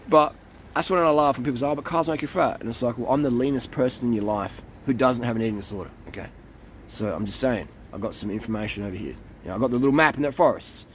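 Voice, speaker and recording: A man's voice: medium pitch, quick pace, a little hiss or hum. A man who talks in a blunt, profane and rambling way to camera as a cycling coach and vlogger, and often drops into mocking impressions of other people. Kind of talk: casual monologue to camera.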